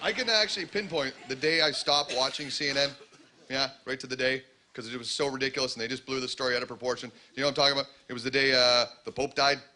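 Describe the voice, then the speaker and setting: A man's voice: medium pitch, fairly even intonation, fast talker. A man from Canada with a Canadian accent, doing a sardonic, conversational stand-up comedy set. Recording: loud background noise.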